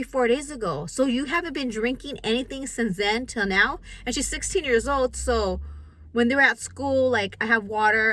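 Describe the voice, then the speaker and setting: A middle-aged woman tells a personal story straight to camera. Her voice is bright and fairly high, and she keeps restarting her sentences as she acts out the dialogue in an animated way. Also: dry recording, rough recording. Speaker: vlogger.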